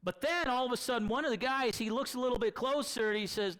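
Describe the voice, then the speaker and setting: A man's voice: very high-pitched, fast talker, a bit bright, rough recording. A man preaching a sermon in a conversational, storytelling manner.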